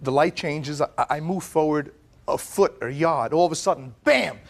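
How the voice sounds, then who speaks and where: A man testifying as plaintiff in a television courtroom. He tells his story dramatically, acting out the lines of the people involved. His voice sits a little high for a man. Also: steady tone, normal speed. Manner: dramatic, acts out quoted dialogue. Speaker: plaintiff in small claims court.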